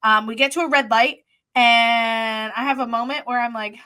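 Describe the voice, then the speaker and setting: A young woman co-hosting a podcast, telling a story in casual chat, animated and swearing freely as she acts out what people said. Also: on the high side, normal speed, clear, resonant tone, dry recording. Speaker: podcast co-host.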